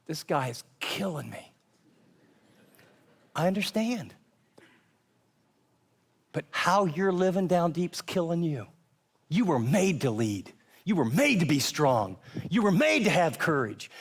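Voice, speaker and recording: A middle-aged man gives a sermon in a slightly high voice. He preaches with earnest emphasis, yet keeps it conversational and direct. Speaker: pastor.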